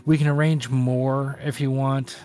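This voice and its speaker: A man playing a tabletop game, talking in a persuasive, halting way. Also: mid-range voice, flat delivery, darkish tone. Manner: persuasive, hesitant fillers. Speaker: player. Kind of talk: in-character table talk.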